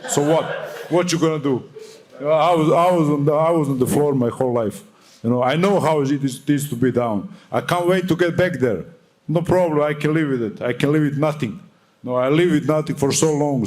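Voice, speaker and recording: A man's voice: on the high side, a little mellow. A young man answering at a boxing press conference, fiery, defiant and full of swearing.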